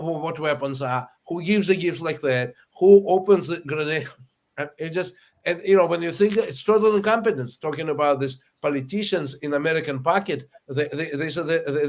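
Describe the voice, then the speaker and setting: Halting, slightly high-voiced male guest. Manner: halting, many fillers and repeated words, incredulous. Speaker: panel guest. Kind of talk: casual panel discussion.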